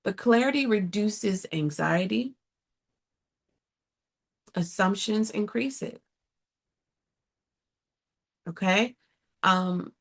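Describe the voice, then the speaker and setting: Gravelly-voiced woman therapist talking. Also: lowish voice. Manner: earnest, direct, asks rhetorical "right?". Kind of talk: casual advice talk to viewers.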